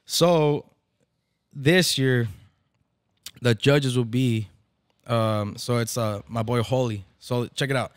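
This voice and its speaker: A man in a podcast sit-down who tells a long story in loose, profane street slang and drops into Spanish now and then. His voice sits at an ordinary pitch, and the sound is dry and close, with no room around it. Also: slow pace, pauses often, smooth, no room sound. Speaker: barber event organizer, podcast guest. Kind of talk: casual storytelling chat. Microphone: podcast microphone.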